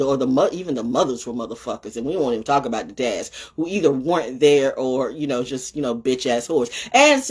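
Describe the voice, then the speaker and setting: A woman's voice: low-pitched, darkish tone, slightly rough. A woman hosting an off-the-cuff livestream, blunt and profane, swinging between ranting and playful sing-song chanting into a phone. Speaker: livestream host.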